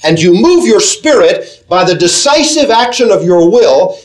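A man preaching a sermon to a congregation, earnest and measured, asking them questions as he teaches. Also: high voice, sing-song, rough recording. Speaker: pastor.

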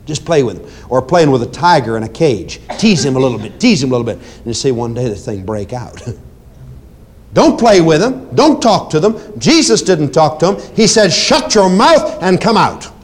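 A man with a medium-pitched, very animated voice preaches at a moderate pace on deliverance ministry. He's emphatic and commanding, repeating phrases and addressing his congregation directly, shifting between loud commands and quiet asides.

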